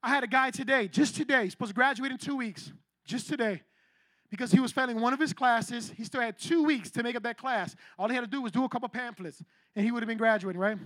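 A man preaching an energetic youth sermon in a slangy, animated way, acting out people's reactions as he goes. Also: very high-pitched, fast, no room sound.

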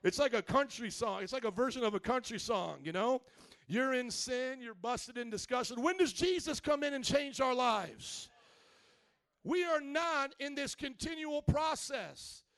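A preacher with an unusually high voice, talking fast and playful in an animated sermon. He swings from quiet asides to loud shouting and mocks people's excuses in put-on voices. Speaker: pastor. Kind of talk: energetic sermon.

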